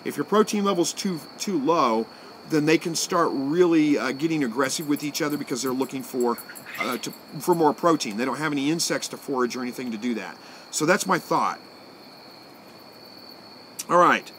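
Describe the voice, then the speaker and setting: A man, hosting a live stream and answering viewer comments in a relaxed, folksy way that thinks out loud. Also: a little high, normal speed, slight background noise. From Southwest Missouri, USA. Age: 40s.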